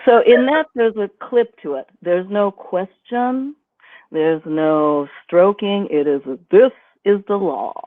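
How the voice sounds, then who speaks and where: A woman's voice: medium pitch, animated, slow pace. A woman teaching on a live stream, explaining her points by demonstrating them with her own voice. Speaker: guest instructor. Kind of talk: instructional live-stream chat. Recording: dry, phone-like line.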